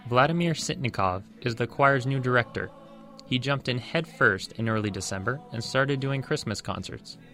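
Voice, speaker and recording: A man's voice: medium pitch, faint music behind. Man reading a radio news report. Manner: measured, even read delivery. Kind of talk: scripted radio report narration.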